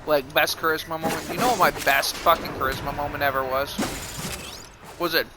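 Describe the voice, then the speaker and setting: A man telling a story on a live stream, swearing often in a loose, animated way. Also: a little high, fairly quick, noisy background. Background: music.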